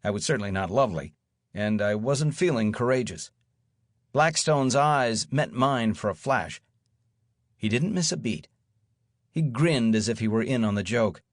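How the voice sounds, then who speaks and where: A man narrates an audiobook in the first person with a wry, dry storytelling manner. His voice sits at a middle pitch in a close, dry studio sound. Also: expressive, normal speed, no room sound.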